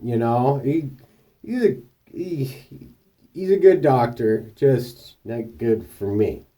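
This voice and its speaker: A man's voice: mid-range voice, slow, far from the mic. Profane, rambling man telling stories. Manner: profane, rambling anecdotes with animated quoted voices. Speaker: vlogger. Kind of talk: casual storytelling monologue.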